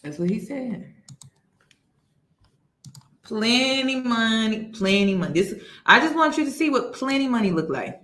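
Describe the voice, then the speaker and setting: A woman's voice: fairly high pitch, very animated, fairly quick, fairly bright tone, echoey room. A woman hosting a reaction commentary, speaking incredulously and mocking. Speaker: commentary host.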